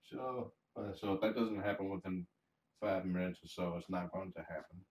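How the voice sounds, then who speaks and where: Deep-voiced man cooing to a cat, roomy. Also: normal speed. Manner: soft-spoken, coos fondly to a cat; explains plainly, often restarting phrases. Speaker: cat fosterer streaming live. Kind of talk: casual livestream chat. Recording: roomy sound, mic some distance away.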